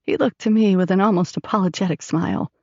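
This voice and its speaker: A woman narrating an audiobook in first person, expressive and storytelling. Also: mid-range voice, quick pace, no echo, dull audio.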